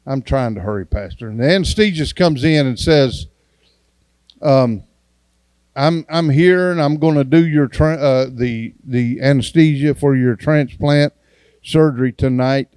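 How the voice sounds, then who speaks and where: A man's voice: mid-range voice, unhurried, darkish tone, smooth, dry recording. A man, an evangelist giving a testimony sermon in a church and acting out the dialogue in his story in a folksy way.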